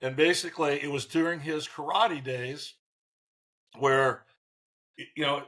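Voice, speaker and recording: A man in his sixties, a former baseball manager, telling lively stories as an interview guest and acting out what people said. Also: fairly high pitch, unhurried. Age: 60s. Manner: animated, acts out quotes in voices. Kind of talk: storytelling in a faith interview.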